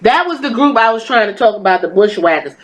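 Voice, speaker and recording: A woman's voice: medium pitch, lively intonation, fast, poor audio. A woman hosting a podcast, giving a casual wrestling review in a blunt, profane, exasperated and sarcastic rant. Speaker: podcast host.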